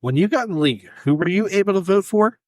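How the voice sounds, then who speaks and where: A man's voice: high voice, animated, fast, a little mellow, no room sound. A man co-hosting a casual sports podcast, blunt and profane, with joking banter. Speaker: podcast co-host.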